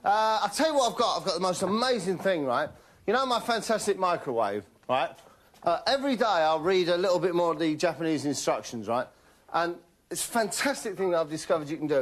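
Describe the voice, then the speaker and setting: A man hosting a comedy show, delivering a rambling deadpan monologue and keeping tagging his lines with "right?". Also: high-pitched, a little fast.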